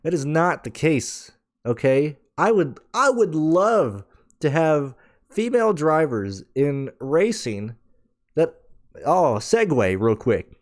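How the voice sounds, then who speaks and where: A man hosting a casual podcast, ranting in a blunt, profane, animated way. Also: a little high, slow pace. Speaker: podcast host.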